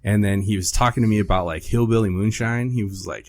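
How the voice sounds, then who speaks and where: A man with a lowish voice hosts a casual podcast chat. He jokes, swears freely and acts out quotes in other voices. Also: fairly even intonation, quick pace, hardly any pauses. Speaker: podcast host.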